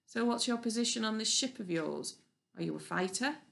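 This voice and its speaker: A woman voicing a calm, kindly mother who speaks gently and politely. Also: a little high, brisk, gravelly, voice pushed up, exaggerated voice. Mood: gentle.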